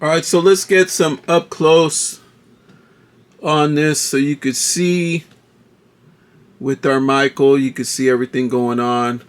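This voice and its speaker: A man's voice: medium pitch, steady tone, slow pace, long pauses. A man casually reviewing a toy figure, enthusiastic and often calling viewers folks.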